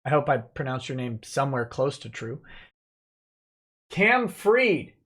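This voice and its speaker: A man hosting a relaxed livestream, reading viewer messages aloud and answering them offhandedly. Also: mid-range voice, measured pace. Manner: reads donor messages aloud, chatty and offhand. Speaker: livestream host reading chat. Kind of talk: relaxed live-stream chat.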